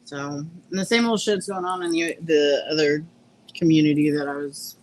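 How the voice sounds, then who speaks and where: A woman's voice: deep voice, steady tone, moderate pace, darkish tone, slight background noise. A woman chatting as a guest on a gossip livestream, exclaiming and laughing in disbelief. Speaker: panel guest. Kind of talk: casual gossip chat.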